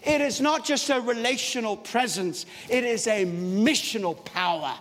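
A man's voice: extremely high pitch, unhurried. A man preaching a sermon in a church, emphatic and storytelling, with wide swings in his voice. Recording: long hall reverb, faint background noise.

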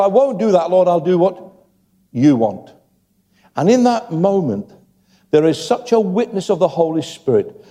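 A man's voice: fairly high pitch, mellow. An older man preaching a sermon and making chatty joking asides to the congregation. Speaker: pastor. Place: church hall. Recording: long church hall reverb.

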